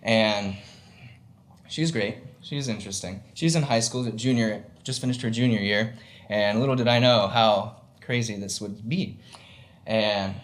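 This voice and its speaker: Chatty young man telling a story. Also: medium pitch. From Southern United States. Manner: chatty, filler-heavy, laughs while telling. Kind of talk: live comic storytelling. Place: stage before a live audience.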